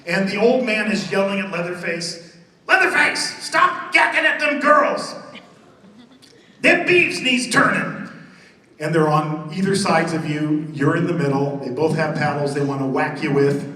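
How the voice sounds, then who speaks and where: High-voiced man presenting in an echoing hall. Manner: lively, joking, relishes gory detail. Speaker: haunted attraction designer presenting on stage. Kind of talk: live stage presentation. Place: large convention hall. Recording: roomy hall recorded from far off.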